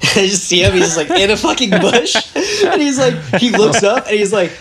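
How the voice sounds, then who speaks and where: A young man telling a story casually as a podcast guest, animated and laughing as he acts out what people said. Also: a little high, fairly quick, few pauses, slight background noise.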